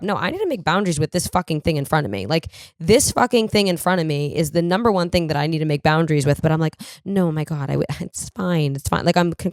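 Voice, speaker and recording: A young woman with a low, smooth voice hosts a solo comedy podcast. She rants in a profane, self-deprecating way. The recording is dry and close. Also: no echo. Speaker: podcast host.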